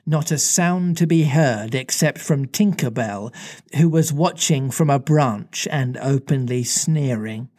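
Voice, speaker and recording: A man's voice: mid-range voice, takes it slowly, darkish tone. A man reading a storybook aloud in a playful manner, breaking off for casual chat. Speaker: reader and co-host.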